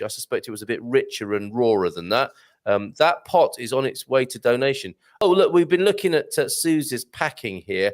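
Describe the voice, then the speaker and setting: A man hosts a relaxed live show in a chatty, jokey way, with a mid-pitched voice that rises and falls a great deal. He reads viewers' comments aloud and banters with his guest. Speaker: host. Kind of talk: casual live-stream chat.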